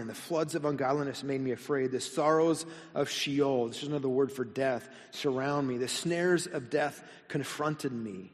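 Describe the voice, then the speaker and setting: A male pastor preaching a sermon, reading scripture slowly and adding casual, lightly humorous asides. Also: medium pitch, big-room sound. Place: church sanctuary.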